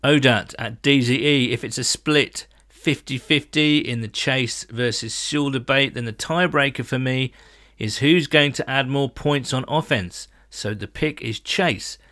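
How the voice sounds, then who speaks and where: A man co-hosting a casual sports chat, reading listener messages aloud and adding his own quick takes. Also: mid-range voice, bright, forceful tone, dry recording, clean studio sound. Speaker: podcast co-host reading listener comments.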